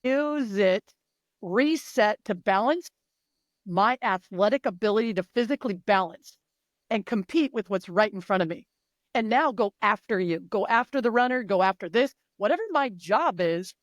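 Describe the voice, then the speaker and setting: A woman's voice: on the high side, no echo. A middle-aged woman coach talking in a casual interview, emphatic and blunt, swearing freely. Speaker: mental performance coach.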